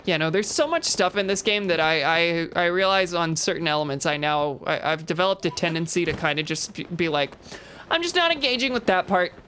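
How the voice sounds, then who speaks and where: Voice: mid-range voice, fairly even intonation, fairly quick, hardly any pauses, a bit bright, slight background noise. A game streamer giving casual gameplay commentary, rambling, restarting sentences and chuckling often.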